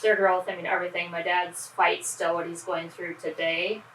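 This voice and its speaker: A woman's voice: on the low side, level tone, normal speed, a bit bright. A woman hosting a casual interview, supportive and affirming toward her guest. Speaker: podcast host. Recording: roomy, distant mic, faint background noise.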